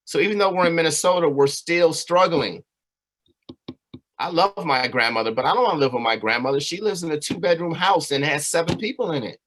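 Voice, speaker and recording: A man's voice: a little high, a little fast, fairly bright tone. Earnest man telling his life story. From California. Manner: earnest, conversational, frequent "right?" and "you know". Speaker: community speaker. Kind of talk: personal storytelling presentation.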